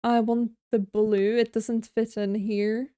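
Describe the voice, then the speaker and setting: Slow, chatty woman streamer. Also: fairly high pitch, flat delivery, mellow, dry recording, studio quality. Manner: chatty, self-mocking, thinking aloud while building. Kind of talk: casual gameplay commentary.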